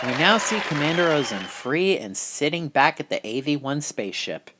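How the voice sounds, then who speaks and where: A man narrating a storybook in a plain, low-key reading. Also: sing-song, moderate pace, bright, forceful tone, some chatter behind.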